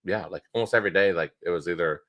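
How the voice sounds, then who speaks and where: Chatting loosely as co-host of a casual live stream, a man rambles, often restarts, and fills gaps with uhs. He talks fast in a deep voice with a fairly bright tone, and there's no room sound.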